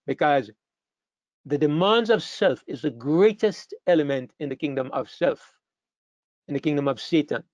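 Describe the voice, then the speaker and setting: A preacher delivers a sermon in a fairly high voice, sharply raising his pitch and volume on key phrases to drive points home. His manner is emphatic, and he stumbles through frequent restarts. The recording is dry and close, with a dull, muffled tone.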